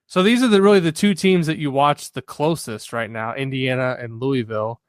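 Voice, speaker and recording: A man hosts a sports podcast in a casual, conversational way, often pausing on "uh". His voice is smooth and resonant. The recording is close and dry. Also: mid-range voice, no room sound. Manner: filler-heavy, conversational with frequent "uh". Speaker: podcast host.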